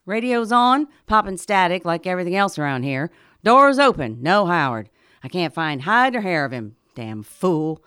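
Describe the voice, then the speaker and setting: A feisty, bossy diner owner with a drawl and folksy, blunt talk, played by a woman. Her voice sits low but swings widely in pitch. The sound is dry and close. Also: big pitch swings, moderate pace, fairly bright tone, clear, resonant tone, no room sound. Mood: exasperated. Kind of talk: radio drama acting.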